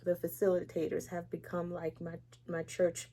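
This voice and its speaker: As an interview guest, a woman gives a candid, emotional faith testimony in conversation, acting out what others said and laughing lightly between serious words. Her fairly low, warm voice is completely flat and moves at normal speed, with slight background noise.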